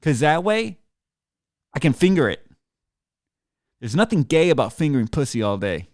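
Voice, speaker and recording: A man rants from a small studio room in a heated, mocking streamed monologue, swearing freely. His voice sits a bit high for a man, and the sound is close and dry with no room echo. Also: sing-song, moderate pace, darkish tone. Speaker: drummer streaming a rant. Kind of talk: profane sarcastic rant to camera. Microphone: computer mic while seated.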